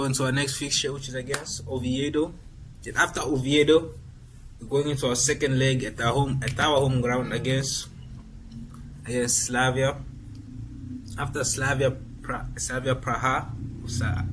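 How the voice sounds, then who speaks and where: A man's voice: medium pitch, slight background noise, poor audio. A man giving casual, rambling commentary while playing a football management game. He often repeats and restarts phrases as he thinks aloud.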